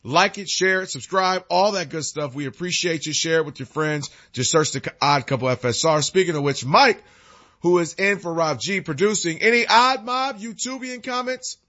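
A man's voice: fairly high pitch, normal speed, fairly bright tone, highs cut off. Laid-back male radio co-host. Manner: laid-back, slangy, loose storytelling. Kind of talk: casual sports radio chat.

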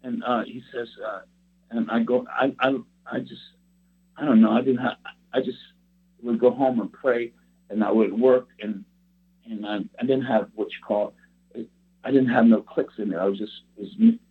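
A man's voice: mid-range voice, normal speed, long pauses, husky. A man preaching a personal testimony in an earnest, rambling storytelling way. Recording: tinny phone-like sound.

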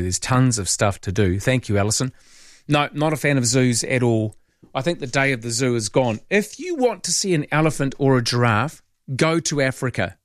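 A middle-aged man hosting talkback radio, opinionated and animated, taking callers. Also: mid-range voice, no echo, clean studio sound. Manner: opinionated, animated, mock-voices people. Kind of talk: casual talkback chat.

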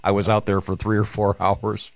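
Low-voiced rambling radio host man. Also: monotone, moderate pace, vocal fry, dry recording. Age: middle-aged. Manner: rambling, chuckling storyteller. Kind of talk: morning radio banter.

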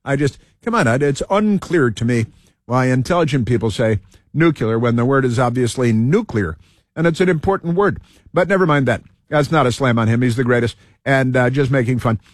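A man's voice: medium pitch, animated, a little fast, no echo. Rambling male talk show host, dry sound. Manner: digressive, stumbling, repeats himself with many fillers. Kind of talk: rambling opinion monologue.

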